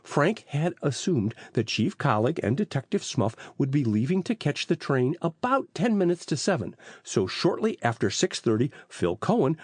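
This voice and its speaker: A man narrating an audiobook in a lively, expressive reading style on a close mic. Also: fairly high pitch, slightly rough, no echo. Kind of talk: storybook narration.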